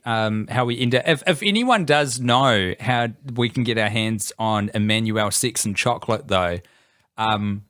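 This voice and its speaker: A man's voice: medium pitch, a bit bright, no room sound. A male podcast co-host chatting casually, playful and mock-formal, with a mid-range voice. The recording is dry and close to the mic. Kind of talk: casual comedy podcast chat.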